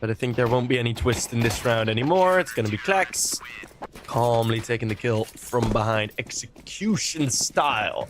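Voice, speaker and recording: A man casting a competitive shooter match live, giving animated play-by-play commentary that drifts into chatty tangents. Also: medium pitch, moderate pace, slight background noise. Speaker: esports caster. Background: faint game gunfire.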